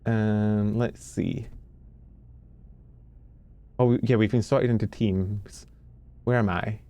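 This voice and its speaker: A man's voice: fairly low pitch, fairly even intonation, takes it slowly, dark tone. A young man from the UK, a streamer chatting casually and rambling in a jokey, self-mocking way while he plays. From United Kingdom. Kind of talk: casual chat while gaming.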